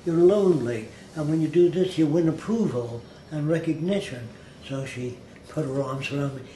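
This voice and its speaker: Speaking at a normal speed in a fairly high-pitched voice, an older man bluntly recounts episodes from his life in a conversational way. He imitates the accents of people he quotes, and the room sound carries faint hiss.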